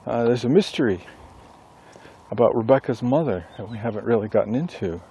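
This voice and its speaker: A man who writes books and teaches a class, talking casually and thinking aloud with pauses and self-corrections. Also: mid-range voice, expressive, warm tone, a little hiss or hum. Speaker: author and instructor. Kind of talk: casual rambling monologue.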